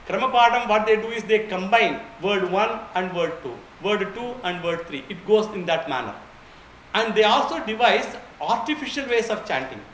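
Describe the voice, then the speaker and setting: A man's voice: sits high, fairly bright tone, a little hiss or hum. Man lecturing in an echoey room. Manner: explanatory, with frequent restarts and anecdotes. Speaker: teacher of Vedic chanting. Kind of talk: informal spoken lecture.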